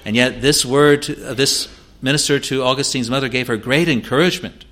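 A man preaching a sermon in an earnest, pleading manner, slowing for scripture and rising to emphatic peaks. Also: medium pitch, a bit bright. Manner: slow, deliberate delivery of scripture.

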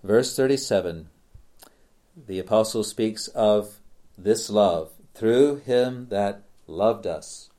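A man preaching a sermon, slow and deliberate, repeating phrases for emphasis. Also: on the low side, warm tone.

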